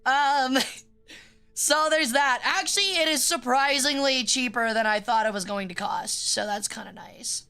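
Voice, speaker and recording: A woman's voice: sits high, measured pace, sharp tone, clean tone, faint music behind. A young adult woman streaming, chatting casually in a rambling, joking way with frequent swearing.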